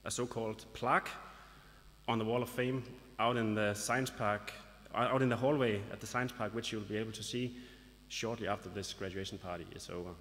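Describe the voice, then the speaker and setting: In a large hall at a graduation, a local business association's representative gives a formal speech with light jokes, in an announcing style. His voice is fairly low and bright, with fairly even intonation and a slightly fast pace, trailed by the hall's long reverb.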